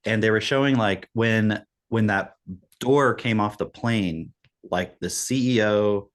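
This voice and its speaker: A man's voice: fairly low pitch, slow. A man co-hosting a podcast, talking bluntly and profanely in a rambling way. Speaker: podcast co-host. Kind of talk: casual podcast chat.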